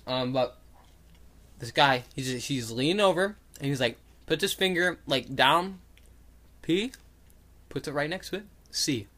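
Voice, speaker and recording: A man's voice: medium pitch, animated, moderate pace, fairly bright tone. A young man telling a story in casual chat, rambling with lots of fillers and acting out what people said. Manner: rambling, lots of "like" and "um", acts out quotes.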